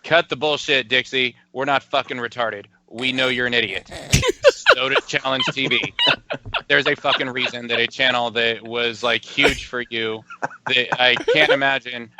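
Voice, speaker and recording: A man's voice: mid-range voice, fairly even intonation, moderate pace, background noise. A man co-hosting a casual podcast, ranting with lots of swearing. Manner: profane, ranting. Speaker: podcast co-host. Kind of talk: casual wrestling talk.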